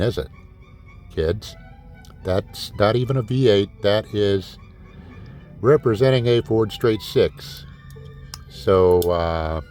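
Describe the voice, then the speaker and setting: Low-voiced swearing man ranting on camera. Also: a little mellow. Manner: exasperated ranting, heavy swearing; sarcastic, talks to viewers as kids. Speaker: diecast collector host. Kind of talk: casual collector vlog.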